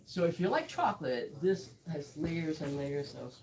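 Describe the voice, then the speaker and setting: A woman's voice: deep voice, sing-song, moderate pace, recorded from a distance, noisy background. Chatty woman telling a tasting story. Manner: chatty, storytelling with quoted asides. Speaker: whiskey blender. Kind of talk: live tasting talk.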